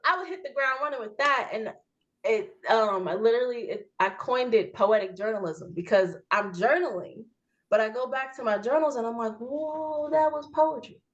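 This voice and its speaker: A young adult woman speaks as an author guest in a relaxed interview, using informal slang. She tells her story with energy and jumps into a higher voice to replay what people said to her. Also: normal speed, muffled recording. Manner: animated storyteller who reenacts conversations in a raised voice. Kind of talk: casual interview chat.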